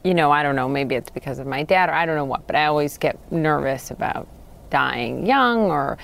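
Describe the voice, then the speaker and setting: A woman in her thirties leads the interview in a notably low voice. She responds with empathy and brings her own reflections into the conversation. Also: lively intonation, fairly quick, creaky. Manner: empathetic, shares personal reflections.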